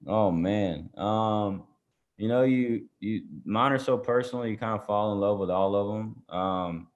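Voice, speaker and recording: A man, answering fan questions in a casual interview, soft-spoken and halting, with many fillers and restarts. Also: on the low side. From Chattanooga, Tennessee. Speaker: guest musician. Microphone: video call. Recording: muffled video-call audio.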